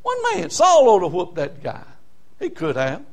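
Southern preacher man telling a bible story, folksy and fired up, pretty high voice. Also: wildly swooping pitch, a little slow. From South Carolina. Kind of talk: sermon.

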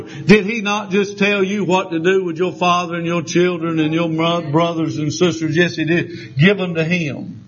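Man, preacher, high voice, fervent sermon, dull recording. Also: flat delivery, normal speed, few pauses. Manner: fervent, rising to shouts. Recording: dull lo-fi with faint noise.

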